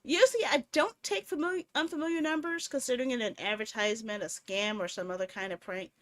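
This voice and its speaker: A young woman streaming a horror game, commenting casually and reading story text aloud with animated, jokey delivery. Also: on the high side, fast.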